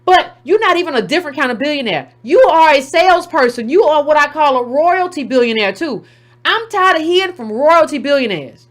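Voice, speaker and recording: A woman's voice: high voice, lively intonation, fairly quick. A woman hosting a call-in show who gives heated, sarcastic commentary. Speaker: host.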